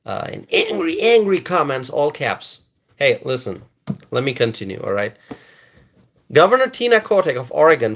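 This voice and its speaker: A man's voice: fairly high pitch, fairly bright tone. A man doing live-stream commentary and reading viewer comments, emphatic and repetitive, often stalling and restarting words.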